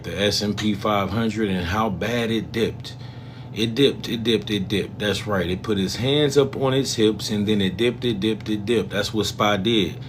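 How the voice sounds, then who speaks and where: A man's voice: lowish voice, a bit bright, a little hiss or hum. A man hosting a livestream, talking to viewers casually in loose slang and often repeating phrases. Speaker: livestream host, trading commentator.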